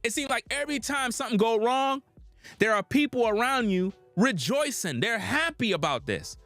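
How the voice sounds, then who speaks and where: A man delivering street-style preaching commentary in an emphatic, slangy way with drawn-out dramatic pauses. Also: very high voice, sing-song, fairly bright tone, dry recording, faint music behind.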